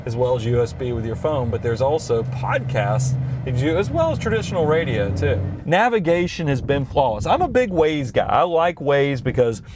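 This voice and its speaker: A man's voice: medium pitch, big pitch swings, moderate pace, few pauses, over music. Middle-aged southern guy gushing about his car's tech, chatting from the driver's seat. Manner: enthusiastic, explanatory. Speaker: podcast co-host. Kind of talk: casual car review chat. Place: inside a car.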